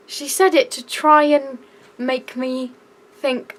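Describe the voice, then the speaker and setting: Rant vlog: young British woman, raised and exasperated, a bit high, slow delivery. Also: flat delivery, low-quality recording. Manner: shouty, exasperated, breaks into laughs. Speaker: vlogger. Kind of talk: ranting vlog.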